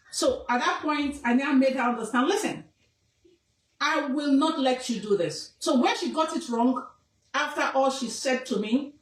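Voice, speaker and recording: A woman's voice: fairly high pitch, distant mic. Insistent Nigerian woman in an echoey room. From southwest Nigeria. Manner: scolding, insistent, repeats phrases for emphasis. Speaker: traditional king's advisor. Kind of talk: emphatic personal statement to camera.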